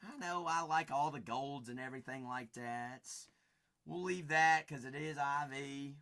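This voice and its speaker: A man's voice: medium pitch, a little slow, pushed and bright. A young man with a Southern Kentucky twang, hosting a live card-break stream with folksy, hyped sales banter.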